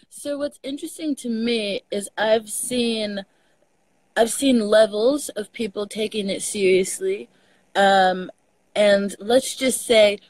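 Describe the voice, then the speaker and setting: The recording is dry, and the speaker is a fairly high-pitched woman with a Texan Southern accent. As a guest on a casual video call, she tells stories animatedly and laughs often.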